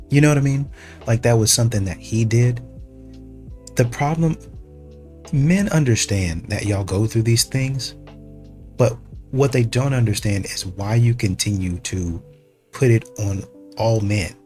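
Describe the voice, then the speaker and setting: A man hosting a reaction channel, commenting on clips in a measured, argumentative way. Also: mid-range voice, darkish tone, faint music behind.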